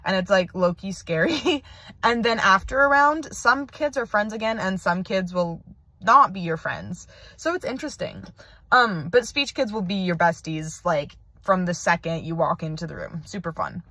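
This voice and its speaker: A woman's voice: mid-range voice, lively intonation, normal speed, sharp tone, no room sound. A teenage girl records a casual video message from her parked car, rambling and chatty with plenty of "like.". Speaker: video pen pal.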